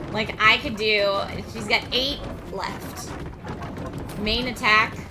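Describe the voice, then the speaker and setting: A woman streamer talking her way through a video game live, thinking aloud with quick laughs. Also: medium pitch, steady tone, noisy background. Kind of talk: live gameplay commentary. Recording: game music playing behind.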